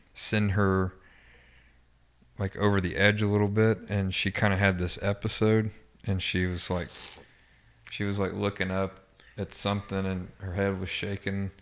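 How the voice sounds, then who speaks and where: Male podcast guest, low voice, monotone, halting recollection with restarts. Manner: halting, with frequent restarts and fillers. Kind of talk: personal recollection in an interview.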